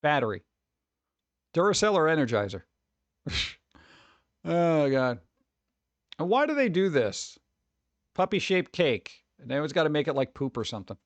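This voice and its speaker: A man's voice: a little high, very animated, normal speed, long pauses, dry recording. A man streaming casual commentary on food videos, exasperated and sarcastic, rambling and restarting.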